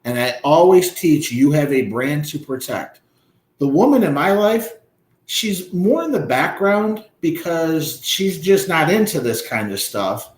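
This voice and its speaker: A man's voice: fairly high pitch, lively intonation, measured pace, reverberant. A man hosting a podcast, telling stories in a blunt, profane way as a coach. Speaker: dating coach podcast host. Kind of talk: casual podcast chat.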